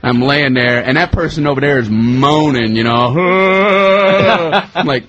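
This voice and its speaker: Comic male storyteller, lively and pitchy, slips into loud squeaky character bits. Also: measured pace, lo-fi sound. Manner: animated, jumps into loud high-pitched put-on voices. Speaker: comedian guest. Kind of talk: storytelling comedy bit.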